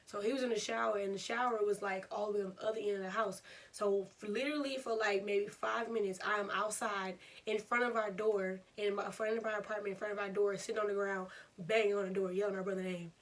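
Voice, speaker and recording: A young woman, telling a storytime vlog in an animated, laughing way. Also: mid-range voice, fast talker, distant mic. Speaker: vlogger.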